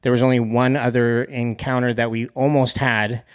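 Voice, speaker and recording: Young guy podcast host, average pitch, talks loose and candid with lots of ums. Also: level tone, moderate pace, no echo, studio quality. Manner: rambling, candid, many fillers. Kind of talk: casual conversation.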